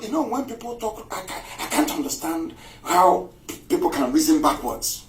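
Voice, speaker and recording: A man's voice: a little high, sing-song, moderate pace, noisy background. A man giving an impassioned live radio broadcast, scornful and mocking and repeating himself for emphasis. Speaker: political broadcaster.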